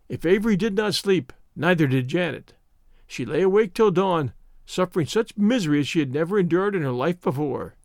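A man narrating a storybook with a high, lively and dramatic delivery. The recording is dry and close, with no room echo. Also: fairly quick, gravelly. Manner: expressive, dramatic. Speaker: audiobook reader.

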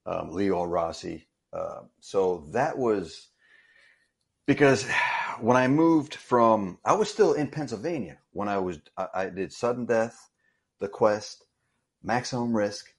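A man's voice: lowish voice, slow, creaky. Man telling a stunt story. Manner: animated anecdote-telling with repeated restarts. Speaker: interview guest, stuntman. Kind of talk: casual storytelling.

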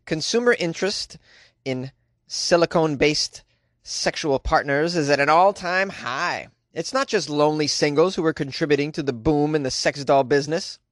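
A man's voice: on the high side, normal speed, fairly bright tone, no room sound, clean studio sound. A man hosting a daily comedy news podcast, reading odd stories with wry, jokey asides. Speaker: podcast host.

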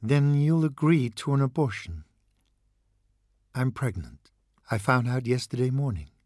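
Man putting on a cold clipped mother, raised pitch, husky, dry. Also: animated, a little slow, a little mellow, no room sound. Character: cold, curt young mother.

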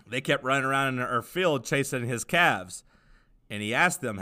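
Bright-voiced man chatting casually. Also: medium pitch, lively intonation, normal speed. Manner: rambling, joking, lots of fillers. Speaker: podcast co-host. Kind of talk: casual podcast chat.

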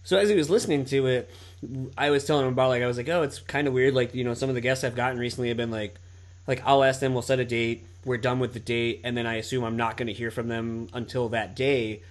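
Male podcast host, 30s, mid-pitched, loose and profane, filler-heavy. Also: fairly even intonation, fast talker. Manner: swears freely, many "like" and "you know" fillers. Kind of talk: casual podcast chat.

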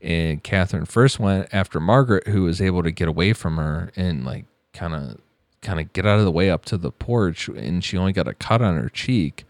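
A man's voice: low-pitched, animated, a little fast, no room sound. A man narrating a true crime case on a podcast, with blunt, profane asides.

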